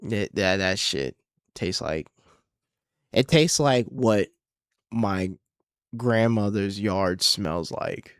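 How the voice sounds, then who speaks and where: A man's voice: fairly low pitch, expressive, very slow, long pauses, clear, resonant tone, dry recording, studio quality. A young man hosting his own podcast, ranting casually and profanely, rambling and exasperated. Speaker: podcast host and comedian. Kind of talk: casual solo podcast rant.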